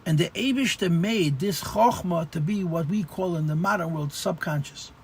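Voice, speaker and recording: Man, rabbi, Torah class, high voice, husky, explanatory, restarts words. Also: normal speed. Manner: explanatory, repeats phrases, stammers restarts. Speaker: rabbi teaching Chassidus.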